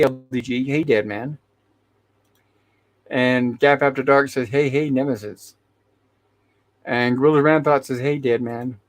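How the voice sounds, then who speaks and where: A man hosting a casual livestream who reads viewer chat messages aloud and greets each viewer by name, often restarting and correcting himself. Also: mid-range voice. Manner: hesitant, with frequent restarts and self-corrections. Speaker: livestream host.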